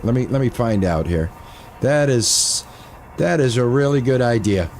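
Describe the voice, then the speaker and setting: A man's voice: medium pitch, animated, measured pace, darkish tone, a little hiss or hum. An older man streaming a game, chatting casually and thinking aloud, often repeating himself. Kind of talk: casual gameplay commentary.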